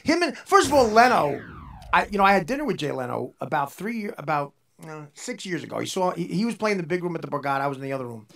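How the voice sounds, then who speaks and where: A man rattles off profane comic stories at a fast clip, with a high voice that swings widely in pitch. His voice is gravelly and bright, and he bursts into shouts as the stories build. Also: very animated. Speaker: guest. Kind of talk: profane comedic storytelling.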